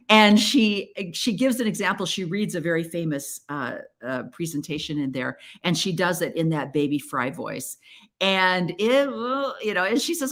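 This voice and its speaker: A woman's voice: fairly low pitch, animated, a little slow, fairly bright tone. A woman hosting a podcast, talking in an earnest, chatty and encouraging way. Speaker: podcast host. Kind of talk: casual solo podcast talk.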